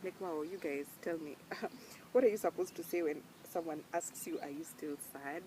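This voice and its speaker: A woman's voice: sits low, moderate pace, dark tone, a little hiss or hum, poor audio. A young woman with a Kenyan accent talking earnestly and emphatically to camera in a casual vlog. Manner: earnest, emphatic, mixes in Swahili slang words. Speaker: vlogger. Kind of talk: casual heartfelt talk to camera.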